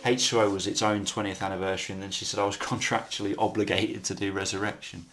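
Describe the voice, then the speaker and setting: A man's voice: on the low side, little pitch movement, fast talker, a bit bright. A man co-hosting a casual film commentary, chatty, swearing freely and laughing at his own anecdotes.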